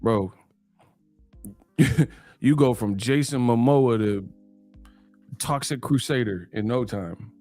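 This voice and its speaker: A man's voice: medium pitch, slow, long pauses, dark tone, no echo, soft background music. A man hosting a casual live stream, joking and laughing through slangy banter with his viewers. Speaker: livestream host.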